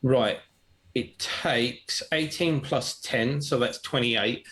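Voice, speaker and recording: A man playing a tabletop game, working through dice rolls and damage in a relaxed, mumbling way. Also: mid-range voice. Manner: slow, gravelly, mumbling over dice maths. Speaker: player. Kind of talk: tabletop game play, casual chat.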